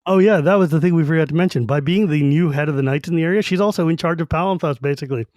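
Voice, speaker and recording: A man's voice: a little high, very fast, darkish tone, dry recording, studio quality. A man co-hosting a book podcast, casually retelling scenes and paraphrasing characters in slangy quoted voices. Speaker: podcast co-host.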